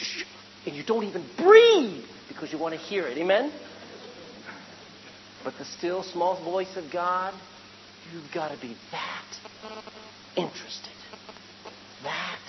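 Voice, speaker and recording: A male preacher with a medium-pitched, animated voice preaches in a loose, conversational way, moving from punchy emphasis to quiet, near-whispered points. His voice reaches the listener through a muffled recording with a long hall echo and a faint hum underneath. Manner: lively, conversational, shifting from loud emphasis to hushed tones. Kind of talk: sermon.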